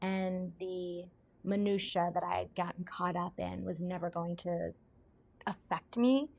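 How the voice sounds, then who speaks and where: A woman, a podcast guest, telling personal stories in conversation, animated and laughing often. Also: on the low side, a little slow, gravelly. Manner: animated storyteller, laughs often, acts out quoted voices. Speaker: podcast guest, intuitive guide. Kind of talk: storytelling in conversation.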